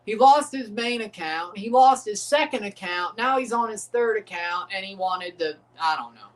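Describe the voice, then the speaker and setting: A young man hosting a live football watchalong, calling goals with excitement and dropping into low mumbled asides between plays. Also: normal speed. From United States. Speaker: livestream watchalong host. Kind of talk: live football reaction commentary.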